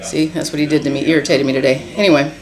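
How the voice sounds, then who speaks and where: A woman's voice: sits low, steady tone, very fast, a crowd in the background. A woman with a Southern US accent chatting casually in a home vlog, folksy and talkative, filming herself with a handheld camera. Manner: chatty, folksy, says y'all a lot. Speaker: vlogger. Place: home, indoors and in the yard.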